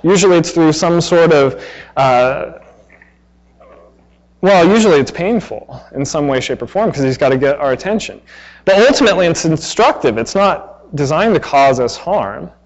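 A man's voice: on the high side, animated, moderate pace, dull audio. A man in his thirties preaching a sermon in a conversational way, acting out exasperated asides. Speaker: pastor.

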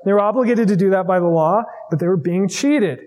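A man preaching a sermon in a conversational way, often checking in with his listeners with quick asides. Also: sits high, a little mellow. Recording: long reverb of a large hall.

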